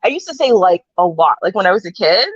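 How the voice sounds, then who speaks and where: A woman's voice: medium pitch, very animated, quick pace, husky, no room sound, lo-fi sound. A woman from Canada co-hosting a casual live-stream chat, bubbly and giggly, saying "like" a lot. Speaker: co-host.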